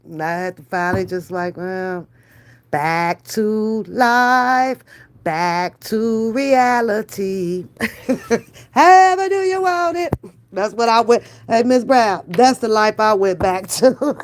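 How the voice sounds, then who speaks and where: A woman's voice: fairly low pitch, darkish tone. A woman hosting a casual reaction vlog, slangy and emphatic, with frequent laughter. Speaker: reaction channel host.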